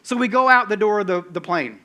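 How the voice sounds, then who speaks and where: Animated male preacher with a bright, forceful voice, self-mocking storyteller. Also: high voice, fairly quick. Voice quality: bald-headed, bearded. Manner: animated, self-mocking, acts out his own panic. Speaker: pastor. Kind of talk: sermon storytelling.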